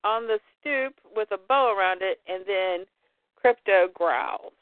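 A woman's voice: medium pitch, measured pace, dry recording. A woman co-hosting a casual podcast, retelling a comic book story and quoting the characters in lightly changed voices. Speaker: podcast co-host. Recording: dry, phone-like line.

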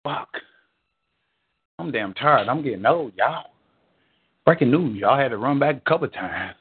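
A man's voice: medium pitch, lively intonation, measured pace, slight background noise. A middle-aged man hosting a live stream, out of breath, cursing and rambling casually at his viewers. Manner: profane, rambling, addresses viewers as "y'all". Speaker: livestream show host. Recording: tinny phone-like audio.

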